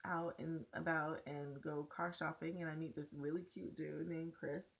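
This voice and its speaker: A young woman with a notably low voice tells a personal story straight to her camera. She is casual, blunt and profane, and she keeps the telling animated. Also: normal speed, creaky, lo-fi sound. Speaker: vlogger.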